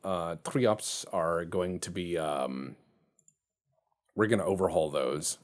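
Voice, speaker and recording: A man's voice: low-pitched, slow pace. A man hosting a casual video game commentary, cracking jokes and laughing often. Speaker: game streamer.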